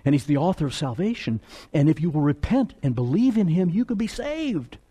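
A man preaching a sermon, swinging between loud emphatic lines and hushed, low asides. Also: big pitch swings, a little fast, breathy edge. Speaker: pastor.

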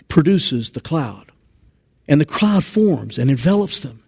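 A man preaching a sermon in an animated, conversational way. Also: a little high, measured pace.

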